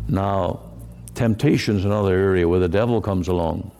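A man's voice: deep voice, moderate pace, mellow. A man preaching a sermon in an earnest, emphatic way. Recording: long hall reverb.

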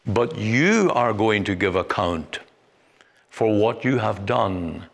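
A man preaching a sermon as a Bible preacher, deliberate and emphatic, with long pauses between phrases. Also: fairly low pitch, animated, creaky. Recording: long hall reverb.

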